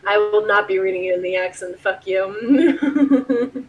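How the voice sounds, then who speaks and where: A woman's voice: medium pitch, measured pace, highs cut off. Laughing, swearing woman game master. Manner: casual, laughs often, swears freely. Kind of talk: running a tabletop game online.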